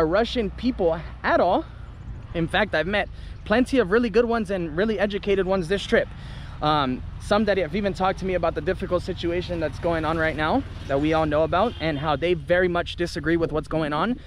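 A man's voice: a little high, a little hiss or hum. A young man, a travel vlogger, ranting casually to camera, heated and indignant, swearing freely. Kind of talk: casual vlog rant to camera.

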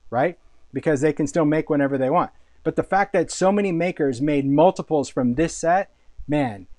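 A man's voice: fairly high pitch, darkish tone, dry recording. A man hosting a casual live product showcase, talking with enthusiasm, chatty and often repeating words as he thinks. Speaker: host and product designer.

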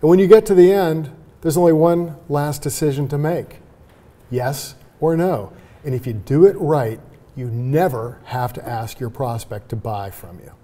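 Brief: male sales trainer guest, emphatic and animated, dark mellow tone. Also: a little high, normal speed. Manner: animated, emphatic, laughs while explaining. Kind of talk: conversational interview.

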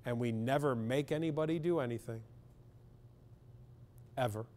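A man's voice: mid-range voice, normal speed, a little mellow. A man, a clinical psychologist, speaking bluntly and with humor in a public talk to parents, often asking the audience questions.

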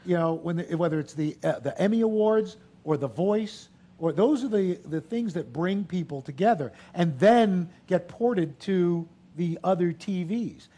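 A man of sixty, a guest speaker telling lively anecdotes on stage in front of an audience, acting out the voices of the people in his stories. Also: high voice, unhurried, hardly any pauses. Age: 60s. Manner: lively storyteller, acts out quotes. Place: event hall with audience.

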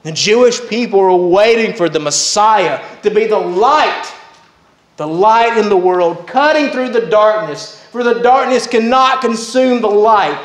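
A male pastor preaching a Baptist sermon, slow and emphatic, with repeated refrains. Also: high-pitched, lively intonation. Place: church sanctuary. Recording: echoey church sanctuary.

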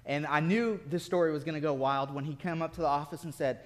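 A man preaching a sermon as pastor, telling a story with bursts of laughter and then dropping to quiet intensity. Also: on the high side, fast talker. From city-raised. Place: church sanctuary. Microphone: lectern mic at a podium.

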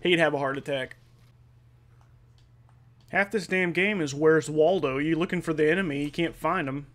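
A man giving casual, joking commentary while playing a video game, excitable and cursing freely. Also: fairly high pitch, normal speed. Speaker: gameplay video host. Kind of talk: casual let's-play commentary.

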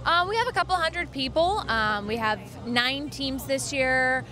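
A woman's voice: high voice, animated, a little slow, sharp tone. A woman organizing a community event, answering interview questions in a friendly, plain way with many "um"s. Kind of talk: casual outdoor interview.

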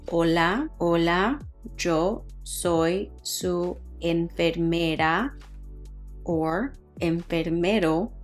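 Low-voiced woman teaching medical phrases. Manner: slows and repeats phrases for learners. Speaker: nurse educator. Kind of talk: online language lesson.

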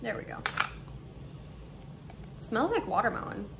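A young woman with a slightly high voice and vocal fry talks a little slowly, with heavy background noise from her home's air conditioner. In this casual haul and taste-test vlog, she's chatty and excited, thinking aloud over each snack.

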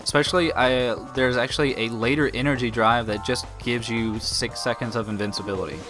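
Over background game music, a man with a medium-pitched voice and fairly even intonation narrates a game playthrough a little fast. He keeps it loose and offhand as a let's play host, restarting often and swearing now and then.

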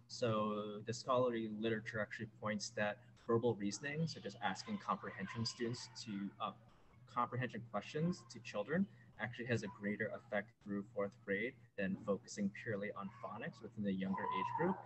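A man with a lowish voice speaks as an educator on a school panel. He explains research in a measured way, with many fillers. There is clear noise behind him. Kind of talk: panel discussion answer.

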